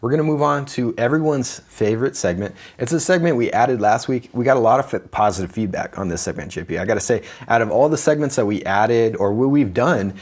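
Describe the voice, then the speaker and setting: A man's voice: mid-range voice, a little fast, hardly any pauses, darkish tone. A man co-hosting a comedy podcast, chatting casually and teasing his friend with bursts of laughter. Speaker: podcast co-host.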